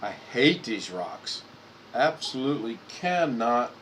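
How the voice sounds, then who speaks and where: A man's voice: medium pitch, very animated, slow pace, a bit bright, slight background noise, rough recording. A man hosting a casual live stream, rambling and repeating words as he clicks through photos at his computer.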